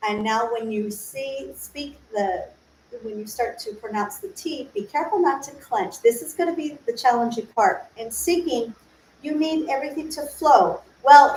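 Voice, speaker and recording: Higher-voiced woman teaching singing. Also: darkish tone, slight background noise. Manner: demonstrates sung syllables and vowels; explains patiently, asks rhetorical questions. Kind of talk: informal livestream voice lesson. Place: room, solo livestream. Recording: echoey room, faint ambience.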